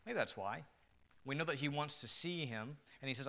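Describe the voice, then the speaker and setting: A male pastor preaching a sermon in an earnest, emphatic way, moving between quiet reflection and loud emphasis. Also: medium pitch, moderate pace.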